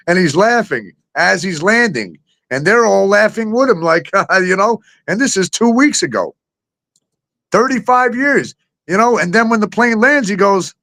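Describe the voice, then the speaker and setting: A man's voice: sits high, expressive, unhurried, bright, forceful tone. A middle-aged man hosting a talk show, ranting with heavy profanity, sarcasm and disbelief.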